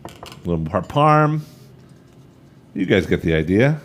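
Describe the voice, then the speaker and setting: A man's voice: sits low, big pitch swings, a little slow. A man in his thirties leading a live cooking demonstration, chatty and upbeat, talking straight to the viewers as he works. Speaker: cooking instructor.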